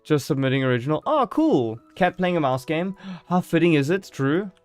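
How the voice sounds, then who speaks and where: A man's voice: a little high, big pitch swings, normal speed, faint music behind. A man streaming a game live, chatting casually and joking as he thinks aloud.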